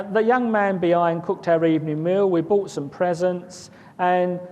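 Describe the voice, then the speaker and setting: A man telling a personal story in a casual, rambling way, often repeating words and chuckling. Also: a little mellow. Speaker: guest recounting an experience. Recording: long reverb, faint rumble.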